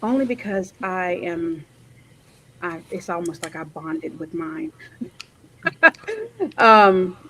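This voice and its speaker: A woman on a panel, talking casually with many pauses and self-corrections, over a video call. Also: medium pitch, fairly bright tone, rough recording. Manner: hesitant, lots of um and self-corrections.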